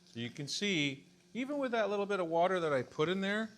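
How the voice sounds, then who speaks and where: A man's voice: sits high, sing-song, a little fast, fairly bright tone. A man in his fifties, a chef giving a chatty, joking cooking demonstration. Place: home-style kitchen. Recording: kitchen clatter of pans and cutlery.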